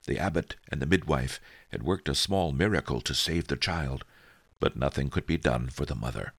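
A man's voice: extremely low pitch, normal speed, a bit bright, breathy edge, no room sound, voice pushed down, full character voice. A man reading an audiobook, voicing a wily old male storyteller who tells his tale wryly. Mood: wry storytelling. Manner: wry, sly storytelling. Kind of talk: audiobook character voice.

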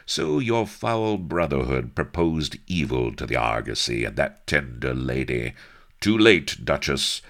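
A man's voice: rumbling low, expressive, unhurried, hardly any pauses, fairly bright tone, full character voice. A man reading a grim, curt sea captain. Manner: curt, hard-edged. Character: grim, cocky male naval captain in disguise.

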